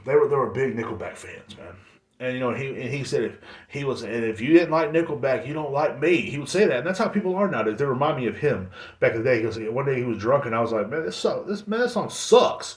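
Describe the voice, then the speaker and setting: A man in his thirties hosting a podcast, rambling bluntly in casual monologue and swearing freely. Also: medium pitch. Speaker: podcast host. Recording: echoey room.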